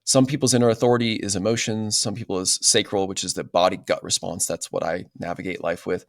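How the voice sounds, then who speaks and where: A man's voice: low-pitched, fairly even intonation, fast, dry recording, clean studio sound. A man as a podcast guest, talking in an earnest, explanatory way and often checking in with "right?". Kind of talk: casual interview talk.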